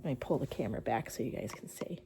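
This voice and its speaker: A woman's voice: rumbling low, lively intonation, fast, warm tone, a little hiss or hum. Young woman, bubbly and chatty, for a casual home crafting vlog. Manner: bubbly, chatty, lots of fillers. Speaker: crochet vlogger.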